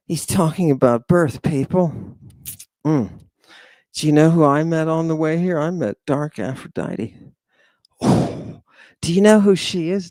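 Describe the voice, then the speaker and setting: Slow, theatrical male lecture host. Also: on the high side, animated, warm tone, no echo. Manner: dramatic, rambling, keeps addressing the audience as "people".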